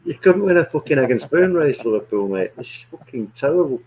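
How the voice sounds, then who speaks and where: Brief: football fan, loud teasing banter, swears a lot, laughs often. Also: male voice, mid-range voice, lively intonation, a little fast, dull audio, a loud crowd. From England. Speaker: co-host of a football watch-along. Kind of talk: casual chat.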